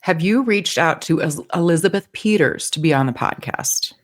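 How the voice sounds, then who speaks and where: A woman's voice: fairly low pitch, animated, normal speed. A woman co-hosting a casual podcast, reading out listener comments in a playful way. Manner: playful, laughs easily. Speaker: podcast co-host.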